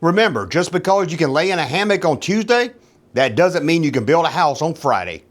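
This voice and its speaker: A mock-wise sitcom dad, as a man puts him on, delivers nonsense proverbs with solemn fatherly gravity. The voice sits a little high for a man. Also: sing-song, brisk.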